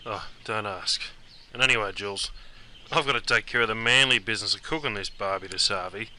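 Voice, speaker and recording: A man's voice: fairly low pitch, a little fast, bright, forceful tone, slight background noise, pitched below the performer's own voice. A man playing a laid-back Australian bloke cooking a barbecue, with an Australian accent and matey banter. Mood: coaxing.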